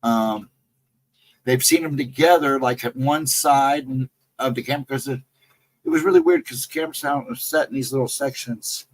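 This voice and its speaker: Speaking at normal speed in a sing-song, medium-pitched voice, a man tells a ghost story from a camping trip as a guest storyteller on a live stream. He rambles in a loose, casual way, repeating "I mean" and "you know." The audio is poor.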